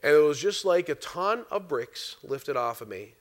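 A middle-aged man from Canada preaching a sermon, telling a personal testimony in an animated way and laughing often. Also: a little high, normal speed.

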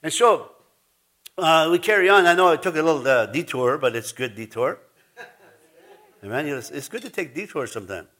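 Male pastor, slightly high voice, preaching in a rambling, anecdotal style with frequent restarts. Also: lively intonation, normal speed, pauses often, a bit bright. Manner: rambling storytelling with restarts and laughs. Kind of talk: sermon.

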